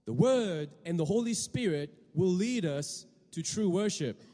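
A man preaching a sermon in a fairly high voice, turning often to the congregation with questions. He repeats words and restarts phrases as he talks. The sound rings out with a long reverb in a hall. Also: animated, a little slow, mellow. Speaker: pastor.

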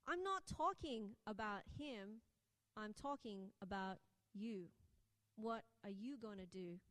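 A woman giving voice to a calm male teacher who asks slowly and earnestly. The voice sits fairly high, and a long hall echo trails after it. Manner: slow, lowered, earnest questioning. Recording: echoey hall.

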